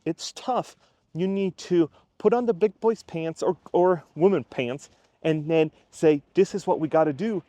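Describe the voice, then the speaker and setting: A man's voice: fairly high pitch, dark tone, no echo. Blunt, plain-spoken male career coach. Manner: blunt, plain-spoken, acts out quoted people; frequent fillers and restarts, conversational. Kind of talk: casual direct-to-camera monologue.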